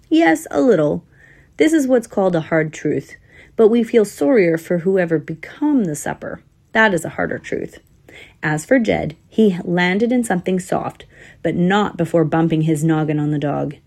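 Gravelly, husky woman reading a storybook. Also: lowish voice, animated, moderate pace, a little mellow. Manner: wry, dry asides to the listener. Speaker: narrator. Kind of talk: storybook narration.

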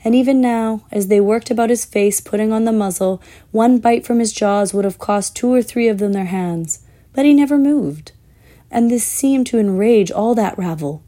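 A woman reading a children's fantasy book aloud in a measured, expressive way, with the odd slip. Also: fairly high pitch. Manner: measured, expressive, with small slips. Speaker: storyteller.

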